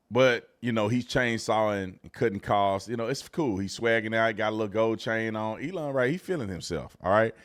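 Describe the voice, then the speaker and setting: Mocking man with speech. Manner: mocking, animated, swings from low mutters to shouts. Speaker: political commentary host. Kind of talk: casual reaction commentary.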